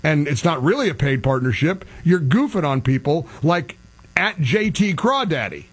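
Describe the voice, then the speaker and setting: A male talk show host with a husky voice rants in an exasperated, self-mocking way. His voice sits high and swings widely in pitch. A faint mains hum lies under the recording. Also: sing-song, moderate pace. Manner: exasperated, ranting, self-deprecating. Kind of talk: casual opinionated radio monologue.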